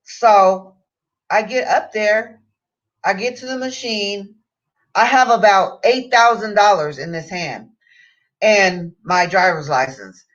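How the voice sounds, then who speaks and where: A woman's voice: mid-range voice, slow pace. A woman vlogger telling a story in a casual rant, heavy on swearing, acting out what people said. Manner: profane, animated storytelling with acted-out quotes. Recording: dull lo-fi sound.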